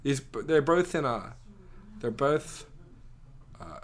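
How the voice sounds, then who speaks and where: A man's voice: mid-range voice, sing-song, takes it slowly. Rambling young man telling a story. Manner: rambling, filler-heavy storytelling with many "like"s. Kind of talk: casual chat.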